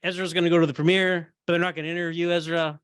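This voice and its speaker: A man hosting a casual roundtable podcast, ranting in an animated, heated way and acting out quoted voices. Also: a little high, very fast, smooth, no echo. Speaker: podcast host.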